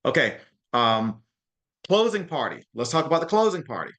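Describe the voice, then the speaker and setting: A man with a bright, forward voice hosts a group video call and talks in a loose, chatty way. He keeps checking in with "okay?" and "right?" and restarts his phrases as he goes. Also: fairly high pitch, sing-song, normal speed. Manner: frequent restarts and repeated words. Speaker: host of a mastermind call.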